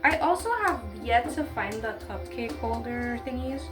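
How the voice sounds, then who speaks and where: A woman's voice: fairly high pitch, normal speed, over music. A woman chatting casually as she bakes, with cheeky slangy asides. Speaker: baking vlogger. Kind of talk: casual baking vlog.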